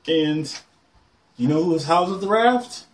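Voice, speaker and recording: A man casually showing off his comic collection on camera, rambling excitedly and swearing casually as he goes. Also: sits high, slight background noise. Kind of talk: casual show-and-tell.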